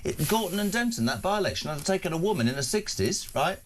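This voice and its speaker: A man hosting live breakfast talk radio, blunt and heated, cutting in with quick remarks. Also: high voice, very animated. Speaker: radio talk show host.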